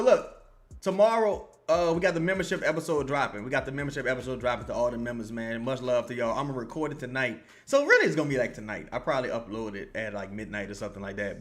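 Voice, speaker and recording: A young man, streaming commentary on a basketball game. He curses, repeats himself and greets chat viewers by name. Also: medium pitch. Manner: profane, excitable, yells at the players then calms down. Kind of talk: live-stream watch-along commentary.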